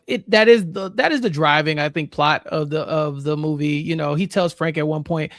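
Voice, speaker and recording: A man's voice: a little high, moderate pace, hardly any pauses, no echo, clean studio sound. A man hosting a casual podcast, recapping a film's plot in an easygoing way and quoting lines. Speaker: podcast host.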